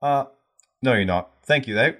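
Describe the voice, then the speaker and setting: A man's voice: medium pitch, animated, normal speed, sharp tone, voice pushed up. Guy doing a snippy dock clerk brushing people off, plain middle voice. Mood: dismissive. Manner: dismissive, clipped. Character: curt male dock clerk with a ledger.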